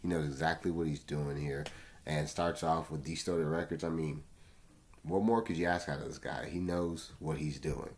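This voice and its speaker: A man reviews an album track by track in casual, slangy commentary aimed straight at his viewers. His bass voice is steady and darkish at a moderate pace, with faint music in the background.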